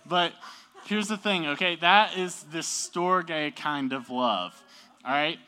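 A man's voice: fairly high pitch, slow pace, sharp tone, clean tone. A young man teaching a class in a casual, upbeat way, often checking in with the group. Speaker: youth teacher.

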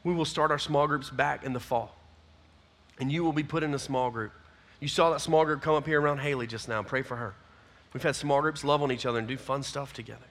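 A man, a youth pastor giving a folksy, energetic closing talk to his youth group. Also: medium pitch, brisk.

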